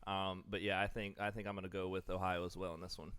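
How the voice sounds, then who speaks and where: Casting: male podcast co-host, lowish smooth voice, dry close sound, rambling chat. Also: little pitch movement, fast talker, fairly bright tone, dry recording. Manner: rambling, filler-heavy, eating while talking. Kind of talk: casual sports chat.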